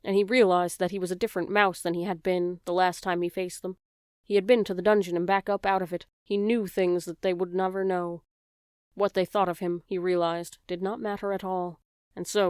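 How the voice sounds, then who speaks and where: A woman's voice: lowish voice, smooth, no room sound, studio quality. A woman narrating a children's audiobook, telling the story and speaking directly to the reader.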